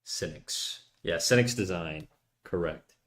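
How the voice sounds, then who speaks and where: A man streams himself drawing and chats casually with viewers, offering loose drawing tips while joking, rambling and often cutting himself off mid-sentence. His voice is low-pitched and fairly bright, and he speaks slowly.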